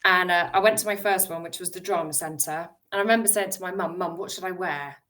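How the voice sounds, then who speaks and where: A British woman, an actor, telling her story as an interview guest, animated and laughing as she acts out her past self. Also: on the low side, quick pace. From United Kingdom.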